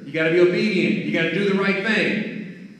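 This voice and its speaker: A man giving an energetic motivational talk to schoolchildren, repeating key phrases and calling for answers. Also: high voice, brisk, background noise. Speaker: guest speaker at a school. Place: school hall or gym. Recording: echoey hall picked up from far off.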